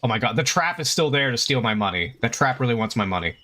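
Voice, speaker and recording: A man's voice: medium pitch, animated, fast talker, sharp tone. A young man casually commenting while he plays a video game, chatty and swearing freely, talking to his chat and to the game. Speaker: streamer. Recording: faint game music behind.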